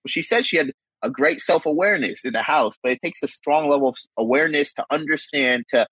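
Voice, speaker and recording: A man's voice: fairly high pitch, fast talker, a bit bright, breathy edge, no room sound, poor audio. A man co-hosting a podcast, talking things through in a casual, rambling way with frequent restarts. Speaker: podcast co-host.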